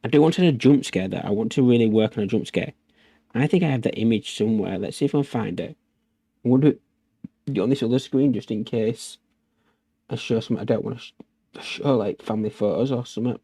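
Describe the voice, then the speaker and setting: A man with a mellow, dark voice chats his way through a livestream tutorial, rambling and pausing on fillers. The sound is dry and close, with no room around it. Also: medium pitch, slightly rough, no room sound. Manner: rambling, hesitant, many fillers. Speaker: streamer. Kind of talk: casual livestream tutorial chat.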